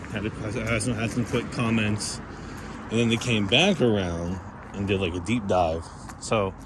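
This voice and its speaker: A young man with a lowish voice rambles through a casual vlog, self-conscious and full of restarts. Traffic and street sounds run clearly underneath. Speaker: vlogger. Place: outdoors by a street. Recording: outdoor street noise behind.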